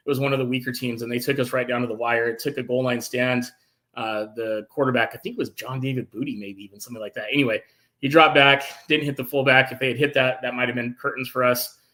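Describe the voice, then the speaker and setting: A man hosting a casual sports talk show, enthusiastic and animated, reading out viewer comments. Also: medium pitch. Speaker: podcast host.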